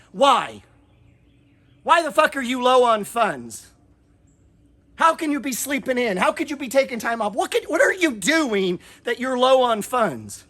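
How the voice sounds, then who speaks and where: A man's voice: very high voice, big pitch swings, normal speed, bright, forceful tone. A man hosting an investing channel, scolding his viewers in a fiery, profane, repetitive motivational rant.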